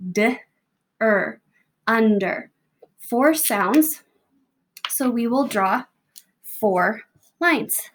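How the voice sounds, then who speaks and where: A young American woman teacher recording a patient, step-by-step spelling lesson for families. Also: mid-range voice. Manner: patient, slow, step-by-step prompting. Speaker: second grade teacher. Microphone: home video recording.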